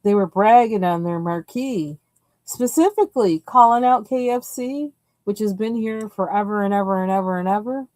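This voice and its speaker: A woman's voice: mid-range voice, normal speed, a little mellow, no room sound, poor audio. A woman hosting a coloring livestream, chatting casually and rambling while she picks colors. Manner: chatty and rambling, laughs often, trails off while searching for colors.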